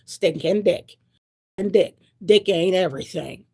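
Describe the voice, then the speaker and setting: Blunt, gravelly woman in her sixties. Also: lowish voice, unhurried, a little mellow. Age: 60s. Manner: blunt, repetitive, preaching. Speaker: vlogger. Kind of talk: preachy monologue to camera.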